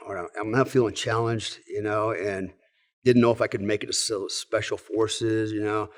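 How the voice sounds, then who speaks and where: A middle-aged man from the United States with a fairly low voice talks through his army stories. He keeps a loose, relaxed manner, full of fillers and asides. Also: moderate pace. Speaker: guest, former Delta Force soldier. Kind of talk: casual storytelling.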